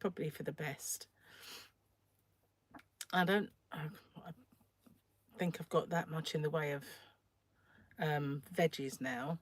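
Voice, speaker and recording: Croaky, chatty woman on a phone livestream. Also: sits low, fairly even intonation, slow, long pauses, dry recording. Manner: chatty and rambling, often trails off. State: croaky, keeps clearing throat. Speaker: crochet livestream host. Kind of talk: casual livestream chat while crocheting.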